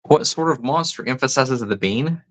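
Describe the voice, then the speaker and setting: A man's voice: medium pitch, expressive, moderate pace, rough recording. A man hosting a casual livestream, reading chat comments aloud and musing over them. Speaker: host.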